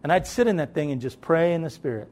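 A man preaching a sermon to his listeners. His voice sits a little high and swings widely in pitch. He stays emphatic and conversational, repeating his points. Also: lively intonation, fast talker, darkish tone.

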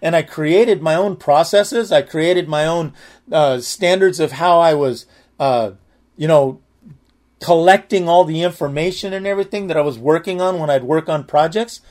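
A man's voice: fairly high pitch, moderate pace, a little mellow. A man sharing a personal testimony in a candid, earnest, conversational way.

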